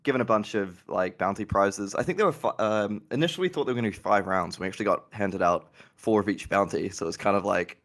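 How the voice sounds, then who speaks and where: Man, lowish voice, chatty anecdotal storyteller, casual podcast guest, laughs often. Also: expressive, brisk, a bit bright. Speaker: guest, organized play manager.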